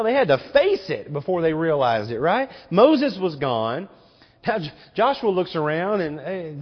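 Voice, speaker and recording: Animated preaching man in a reverberant church. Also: high-pitched. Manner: animated preaching with rhetorical questions. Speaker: pastor. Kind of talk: sermon. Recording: muffled recording with long hall reverb.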